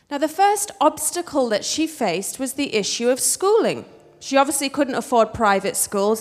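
A young English woman from England, telling a story on stage with a wry, animated, punchy delivery. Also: on the high side. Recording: reverberant hall.

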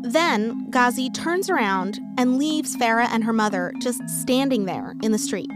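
A woman giving scripted narration that links the parts of a story in a calm, even way. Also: fairly high pitch, unhurried, loud music behind the voice.

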